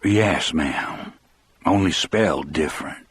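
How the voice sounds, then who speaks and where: A man voicing a huge, gentle prisoner in an audiobook, speaking softly and humbly with a Southern accent. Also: deep voice, takes it slowly, husky, full character voice. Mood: humble. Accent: American Southern. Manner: soft, humble, plain-spoken. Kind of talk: audiobook character voice.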